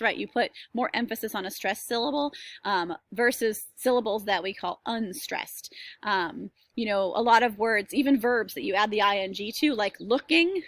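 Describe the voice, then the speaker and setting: A woman's voice: fairly high pitch, a bit bright, no echo. A woman teacher giving a recorded lesson over screen share, chatty and reassuring with many fillers.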